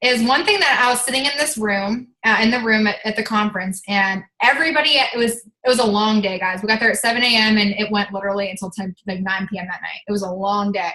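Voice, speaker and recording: A woman leading a motivational team call as a fitness coach. She is energetic and chatty, scatters "like" through her talk and swears casually. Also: mid-range voice, fast talker, hardly any pauses, reverberant, poor audio.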